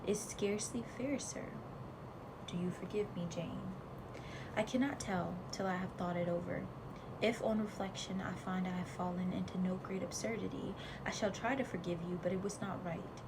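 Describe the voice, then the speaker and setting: A woman reading aloud the lines of an earnest, principled young governess in a measured, formal way. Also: medium pitch, fairly even intonation, noisy background, lightly acted. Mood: reproachful.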